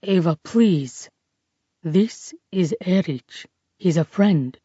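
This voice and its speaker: Woman doing a low, gentle French priest. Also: expressive, slow, slightly rough, no echo, lo-fi sound, exaggerated voice. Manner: gentle, reassuring. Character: kind, calm older French priest.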